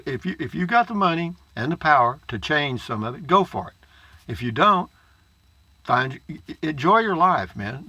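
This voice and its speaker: Older man, folksy vlogger, repeats himself, crisp bright tone, dry close sound. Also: medium pitch, no room sound. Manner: folksy, repetitive, gives life advice. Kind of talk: casual folksy vlog talk. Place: campground at a lakeside state park.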